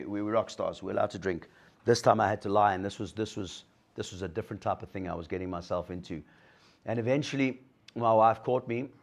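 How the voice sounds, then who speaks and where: A middle-aged man gives a motivational talk to an audience, telling his story and acting out the dialogue. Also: on the low side. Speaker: guest speaker sharing a recovery story.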